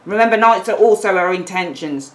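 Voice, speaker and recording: A woman's voice: mid-range voice, fairly quick, poor audio. A woman giving a casual, chatty tarot reading, stressing points by repeating them. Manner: chatty, emphatic, repeats points, acts out little quoted exchanges. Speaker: tarot reader.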